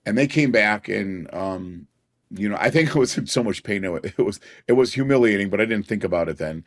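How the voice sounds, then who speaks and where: A man's voice: fairly low pitch, animated, a little fast. A middle-aged man, a podcast guest, telling personal stories in an earnest way and chuckling now and then. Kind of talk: personal storytelling in a conversation.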